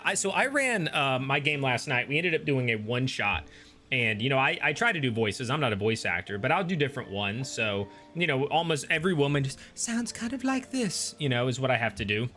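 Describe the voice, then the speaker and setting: Casual male streamer host, rambling chat delivery, brightish tone over quiet game music. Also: mid-range voice. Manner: rambling, many ums and restarts, reads chat aloud. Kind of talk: casual chat while gaming.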